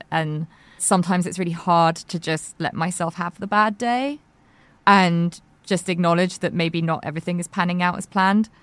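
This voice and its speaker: Female podcast host, somewhat low voice, dry studio sound, scripted narration. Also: no echo. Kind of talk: scripted narration and interview questions.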